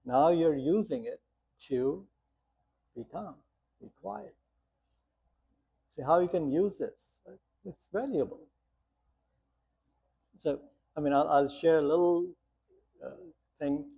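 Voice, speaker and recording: A man's voice: on the high side, slow, gravelly, long pauses, mellow, breathy edge. A man teaching a meditation class, talking plainly with lots of rhetorical questions and short stories. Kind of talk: guiding a meditation talk. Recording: muffled lo-fi sound.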